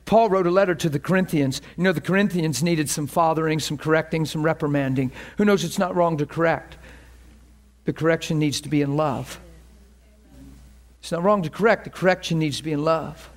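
A man's voice: on the high side, a little fast. A man preaching a sermon, praying fervently and telling the story with playful asides. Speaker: pastor.

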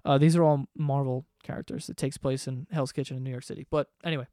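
A man's voice: medium pitch, steady tone, fast, dark tone, dry recording, clean studio sound. A man in his twenties ranting casually to camera at home, profane and rambling. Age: 20s. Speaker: vlogger. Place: home room below living room.

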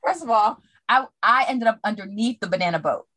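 Animated woman telling a travel story. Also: mid-range voice, brisk. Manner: animated storyteller, acts out her own panicked shouts. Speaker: podcast co-host. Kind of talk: casual storytelling chat.

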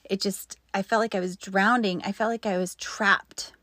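Woman in her 50s telling a faith story, earnest, slips into whispers, medium pitch, dry close sound. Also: fairly even intonation, moderate pace, no echo. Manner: earnest, drops into soft whispered asides.

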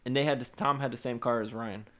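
A man's voice: mid-range voice, steady tone, quick pace, fairly bright tone. A man in a casual chat with friends, retelling and prompting old stories with plenty of swearing. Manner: chatty, profane, prompts and retells shared stories.

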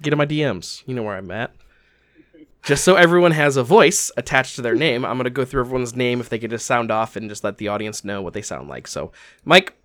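A man's voice: medium pitch, expressive, fairly quick, fairly bright tone, dry recording. This is a man running a tabletop role-playing podcast as its game master. His voice rises and falls a great deal as he narrates in a theatrical storyteller's way, and it sits close and dry on the mic with no room around it.

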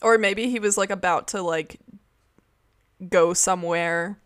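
A woman's voice: on the low side, unhurried. A young woman co-hosting a casual podcast, playful and giggly, recorded at home over a call. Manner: giggly, playful, lively intonation. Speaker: podcast co-host. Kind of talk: casual chat. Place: dim room at home, surrounded by cords.

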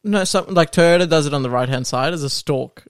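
A man's voice: fairly high pitch, quick pace, clear, resonant tone, no room sound, studio quality. A young man co-hosting a casual car podcast, opinionated and laughing often, trailing off with ums. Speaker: podcast co-host. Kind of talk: casual chat.

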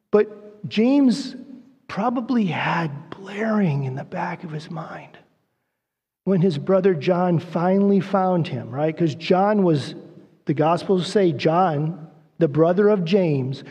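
A man preaching a sermon as a guest speaker, telling stories with lively acted-out quotes and speaking straight to the congregation. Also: high voice, husky. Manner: animated storytelling preacher, acts out voices in quotes. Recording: reverberant church hall.

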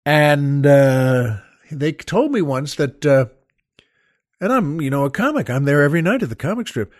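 Brief: male comic host, somewhat high voice, dry close recording, halting rambling storyteller. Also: lively intonation, no echo. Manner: halting, full of fillers and restarts, chuckling asides. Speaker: comedian host.

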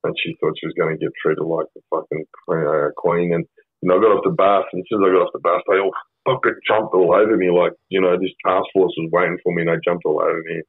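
A middle-aged Australian man with a low, husky voice, telling a story in a blunt and sweary way that wanders and circles back. The sound is thin and tinny, like a phone line, with very dry acoustics. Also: level tone, quick pace, no room sound. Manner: blunt, sweary, rambling with many fillers. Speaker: podcast guest. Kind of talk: casual storytelling.

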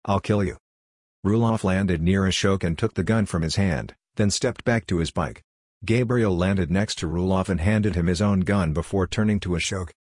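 A man narrating an audiobook story in a steady, even way. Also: sits low, normal speed, dry recording, clean studio sound.

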